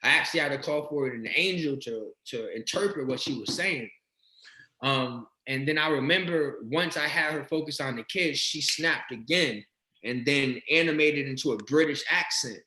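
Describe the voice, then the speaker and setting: A man's voice: mid-range voice, roomy sound, low-quality recording. A man telling wild stories in a casual interview, cursing and laughing as he talks. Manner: swearing, animated, laughing storyteller. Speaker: interview guest, regression practitioner. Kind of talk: casual storytelling chat.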